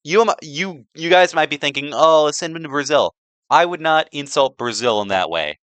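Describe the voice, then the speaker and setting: A man's voice: fairly high pitch, expressive, normal speed, fairly bright tone, smooth, no room sound. A young man giving a rambling, sarcastic slideshow presentation, packed with "like" and restarts. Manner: filler-heavy, sarcastic, restarts a lot.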